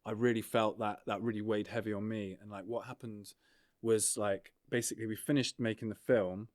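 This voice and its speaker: A man, a documentary filmmaker, talking in a relaxed, rambling way on a casual podcast, full of fillers and swearing. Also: on the low side, a little fast, dry recording, clean studio sound. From England.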